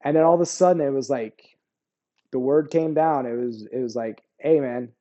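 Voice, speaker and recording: A man's voice: mid-range voice, moderate pace, warm tone. A middle-aged American man, an army veteran, telling war stories in a casual interview, laid-back and slangy, often saying "bro" and "you know what I mean.". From United States.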